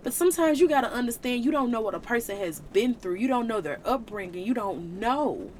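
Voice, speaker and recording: A woman's voice: on the high side, expressive, a little fast, darkish tone, a little hiss or hum. A woman hosting a faith podcast, speaking in an earnest, emotional, preaching way, with casual slang. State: tearful at times. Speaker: podcast host.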